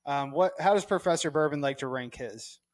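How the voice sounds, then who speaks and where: A man's voice: fairly high pitch, fairly quick. A man co-hosting a podcast, easygoing and asking questions. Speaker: podcast co-host. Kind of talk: casual podcast chat.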